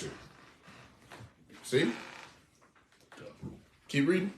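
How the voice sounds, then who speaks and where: A man preaching on scripture in a casual, animated way, full of slangy asides and mocking commentary. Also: fairly high pitch, moderate pace, slight background noise. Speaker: street preacher. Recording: echoey room from far off.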